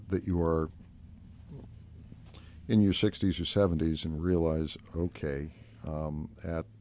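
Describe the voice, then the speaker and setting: A man hosting a call-in radio talk show, asking his guest thoughtful, relaxed questions. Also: extremely low pitch, vocal fry. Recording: slightly dull radio broadcast sound.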